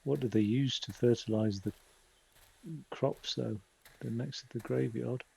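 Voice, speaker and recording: A man's voice: medium pitch, fairly even intonation, a little slow, gravelly, dark tone, slightly rough, low-quality recording. A man streaming a game, musing wryly to himself in casual commentary. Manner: wry, musing, talks to himself while exploring. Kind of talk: casual let's-play commentary.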